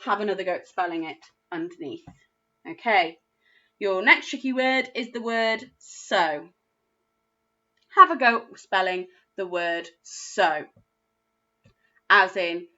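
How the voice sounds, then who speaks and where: A woman with an English accent teaching a phonics lesson to young children, spelling words out slowly and praising their efforts. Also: mid-range voice, pushed and bright, muffled recording. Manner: slow, clearly spelled-out words with encouraging praise. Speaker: primary school teacher.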